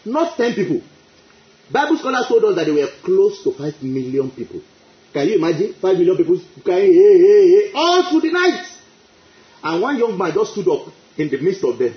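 A man's voice: high-pitched, sing-song, a little fast. A male preacher delivering an emphatic sermon, repeating his phrases and breaking into exclamations of praise. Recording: echoey, dull lo-fi.

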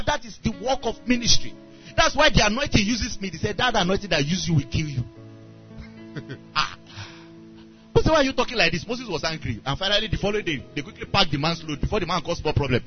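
A man preaching a sermon, retelling a story with animated voices for the characters. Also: sits high. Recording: dull lo-fi sound with faint music.

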